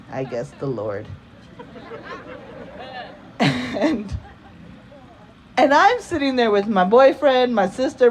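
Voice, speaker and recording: Slow, casual woman telling a story on stage. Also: medium pitch, darkish tone, slight background noise. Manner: casual, profane, laughing asides. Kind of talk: live personal storytelling. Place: live storytelling event before an audience.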